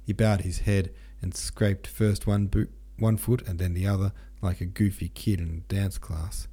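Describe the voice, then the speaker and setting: Brief: man, podcast narrator, slangy and loose, deep dark voice. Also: level tone, normal speed, slightly rough. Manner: irreverent, slangy retelling. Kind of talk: casual audiobook narration.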